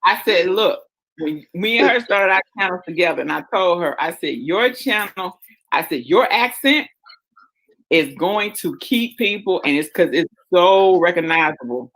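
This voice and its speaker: A woman's voice: lowish voice, expressive, normal speed, a bit bright. Chatty Southern woman hosting. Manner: chatty, calls everyone girl. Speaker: host. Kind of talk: casual chat.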